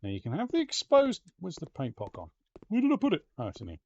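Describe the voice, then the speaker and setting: A man's voice: a little high, wildly swooping pitch, quick pace, a little mellow, lo-fi sound, slight background noise. A man with an Ulster Scots accent giving casual let's-play commentary, chatty and muttering to himself, now and then swearing. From Northern Ireland. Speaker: game streamer.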